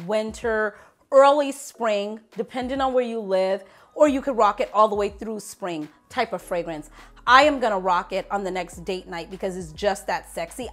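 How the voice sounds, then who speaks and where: A woman vlogger chatting through a casual fragrance review, animated and playful, jumping from loud exclamations to low asides. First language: English.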